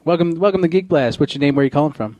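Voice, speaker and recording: A man hosting a casual podcast, talking haltingly with many restarts and often laughing. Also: fairly high pitch, animated, noisy background. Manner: hesitant, full of fillers and restarts, laughs often. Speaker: podcast host.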